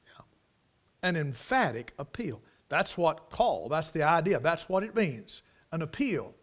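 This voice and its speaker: A preacher tells stories in a low, hushed voice, then builds to loud, emphatic exclamations. His voice sits a little high for a man. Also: expressive, normal speed. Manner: swings from quiet storytelling to loud emphatic preaching. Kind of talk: sermon.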